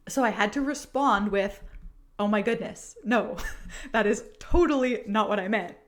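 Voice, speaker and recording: A woman host reading a playful story aloud and commenting on it, giggling often. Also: a little high. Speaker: podcast host.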